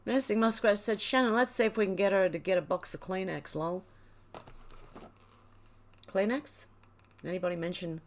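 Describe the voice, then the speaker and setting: A woman's voice: medium pitch, normal speed, long pauses. Teary, overwhelmed woman reading chat. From Australia. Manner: emotional, teary and laughing, overwhelmed. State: tearful. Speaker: livestream host. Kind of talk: reading live chat aloud.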